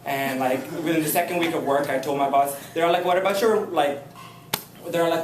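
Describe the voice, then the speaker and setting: Young male poet at a live reading: slow, even delivery on the poems, loud brash cursing banter in between; captured from far off in a noisy, echoey room. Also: fairly high pitch. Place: indoor reading event.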